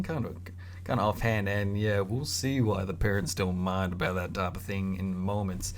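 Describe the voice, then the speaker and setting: A young man telling a casual story in an animated, slangy way. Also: on the low side, moderate pace, a little hiss or hum. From Australia. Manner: animated, slangy, acts out voices.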